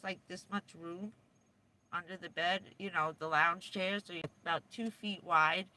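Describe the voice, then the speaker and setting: A woman's voice: lowish voice, fairly bright tone, slight background noise. A woman livestreaming from inside her camper van, chatting casually and rambling along with lots of fillers and little laughs.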